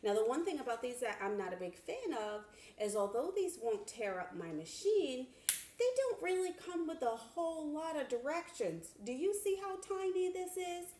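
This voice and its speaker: A woman giving a casual sewing product review, chatty and expressive, with laughs and exclamations, from a home sewing room. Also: sits high, moderate pace, a little hiss or hum. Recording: echoey room.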